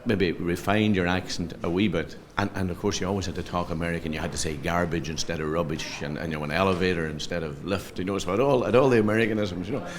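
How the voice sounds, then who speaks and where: A man's voice: deep voice, quick pace, hardly any pauses, slight background noise. A middle-aged man from Ireland with a Donegal Irish accent, chatting as a comedian guest in an interview, spinning anecdotes and stumbling over repeated words. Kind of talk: casual interview chat.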